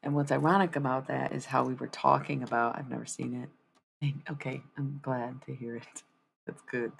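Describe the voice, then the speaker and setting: A woman with a low, husky voice and a gravelly fry talks to her live-stream viewers while she paints. She rambles and swears freely between asides. There is a faint hiss of noise behind her. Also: steady tone, moderate pace. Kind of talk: casual live-stream chat.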